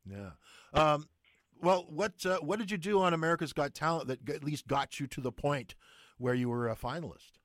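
A man's voice: fairly high pitch, fairly quick, a bit bright, dry recording, clean studio sound. A man hosting a radio interview, asking questions with lots of hesitation and fillers. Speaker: radio host.

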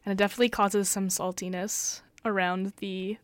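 A young woman co-hosting a casual chat podcast, soft-spoken and full of filler likes. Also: medium pitch, little pitch movement, normal speed, smooth, no room sound, clean studio sound. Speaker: podcast co-host.

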